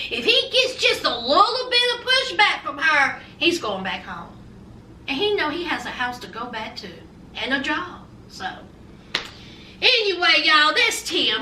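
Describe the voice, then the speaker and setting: A woman's voice: very high voice, bright, forceful tone, distant mic, a little hiss or hum. A woman reviewing reality TV in a casual, sassy vlog, calling her viewers honey and y'all. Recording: roomy echo, a bit off-mic.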